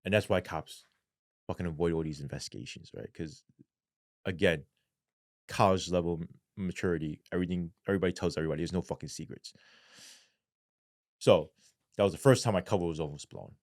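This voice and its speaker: Low-voiced blunt, swearing man. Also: a little fast, long pauses, darkish tone, no echo, clean studio sound. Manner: blunt, heavy swearing, frequent "right?" asides. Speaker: podcast guest, former police sergeant. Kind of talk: casual interview storytelling.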